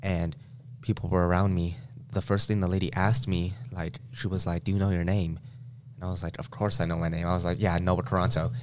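A man's voice: low voice, little pitch movement, fairly quick. A young man casually telling a long personal story on a podcast, talking loosely with lots of "like". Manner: loose and slangy, heavy use of "like". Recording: noisy room recording.

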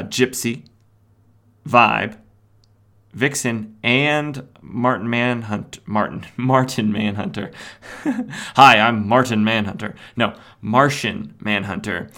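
A man's voice: lowish voice, fairly bright tone. A man hosting a podcast, casually recapping stories, rambling with lots of "uh" fillers and self-corrections. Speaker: comics podcast host.

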